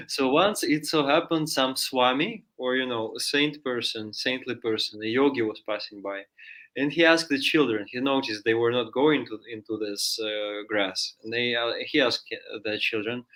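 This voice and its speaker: Casting: bright, forceful male storyteller from Russia, loose and chatty, studio read. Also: mid-range voice, moderate pace. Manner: chatty, many fillers, acts out voices in story. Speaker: guest storyteller. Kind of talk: casual spoken storytelling.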